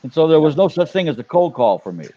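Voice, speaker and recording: A man's voice: fairly high pitch, sing-song, quick pace, slight background noise. An older man co-hosting a casual live chat as a business coach, rambling and searching for words. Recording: dull lo-fi live stream audio.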